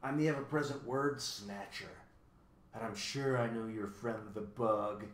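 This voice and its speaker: A man's voice: on the low side, steady tone, unhurried, natural voice. A man voicing a pesky, dirty male bird who cackles and twists everyone's words, in a roomy recording.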